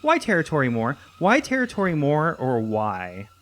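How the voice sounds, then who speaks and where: A man's voice: a little high, huge pitch swings, normal speed, a bit bright. A young man giving casual gameplay commentary, rambling and thinking aloud with lots of restarts. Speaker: let's play host.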